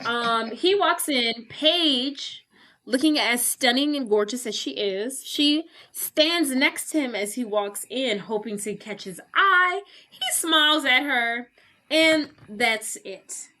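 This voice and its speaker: A woman podcast co-host casually recapping a movie plot, animated and full of swearing. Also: high voice, takes it slowly. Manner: animated retelling with acted quotes, swearing.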